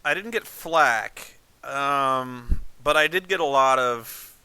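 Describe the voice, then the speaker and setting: A man in casual chat, ranting with profanity in an animated way. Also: medium pitch, slow pace, clean tone, no room sound, rough recording. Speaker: guest critic.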